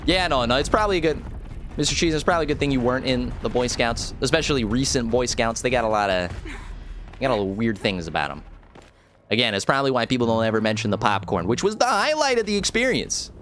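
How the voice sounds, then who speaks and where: A man's voice: mid-range voice, fast talker, fairly bright tone, a little hiss or hum. A man from rural America, casually chatting with viewers while playing a game and joking around. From rural United States. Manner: joking, rambling, talks to chat. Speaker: streamer. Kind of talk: casual live gameplay commentary. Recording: faint music behind.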